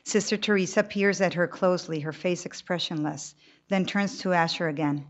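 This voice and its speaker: A woman's voice: on the low side, moderate pace. Woman reading a novel, lo-fi. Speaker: reader.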